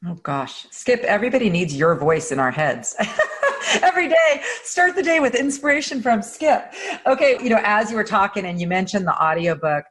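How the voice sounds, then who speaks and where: A woman's voice: medium pitch, lively intonation, normal speed. A woman podcast host and camp director talking in a casual, enthusiastic interview manner. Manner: enthusiastic, laughing warmly while speaking.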